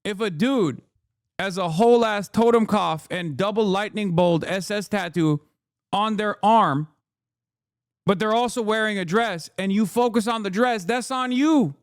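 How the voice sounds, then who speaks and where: American male streamer, thirties, high voice, dry close sound, heated profane rant. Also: measured pace, no echo. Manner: heated, profane, repetitive ranting. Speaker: political streamer. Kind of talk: ranting commentary.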